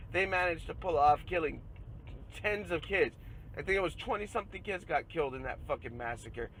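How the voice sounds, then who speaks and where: A man with a fairly high voice rants casually on his podcast, swearing constantly and getting loud and heated. A faint hiss of noise sits behind him. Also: low-quality recording. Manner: profane, ranting, gets loud and heated. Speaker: podcast host. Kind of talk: casual rant.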